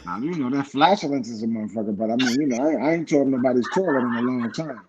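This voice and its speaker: Over a noisy background and dull lo-fi audio, a Cleveland man with a mid-range voice speaks at a quick pace. He spins profane stories in casual conversation, animatedly acting out everyone he quotes.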